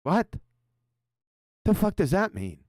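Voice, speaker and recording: A sarcastic man tears into a video with abrasive, profane commentary. His pitch leaps and drops constantly and sits fairly high for a man. The sound is dry and close. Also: sing-song, takes it slowly, a little mellow, no room sound. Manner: sarcastic, abrasive, swears a lot. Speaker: show host reacting to a video.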